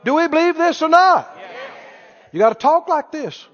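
A man's voice: very high voice, expressive, moderate pace, pauses often, a bit bright, big-room sound, highs cut off. A man preaching a sermon with emphasis, repeating phrases and acting out imagined speakers.

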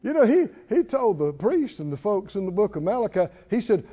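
High-voiced emphatic preaching man. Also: very animated, fairly quick, dark tone, husky, in a large hall, muffled recording. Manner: emphatic preaching, calls out to the congregation. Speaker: pastor. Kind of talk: sermon.

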